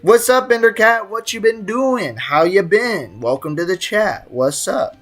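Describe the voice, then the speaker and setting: A man's voice: high voice, lively intonation, a little slow, fairly bright tone. A man streaming a game, chatting casually and jokingly, reading messages from his chat aloud.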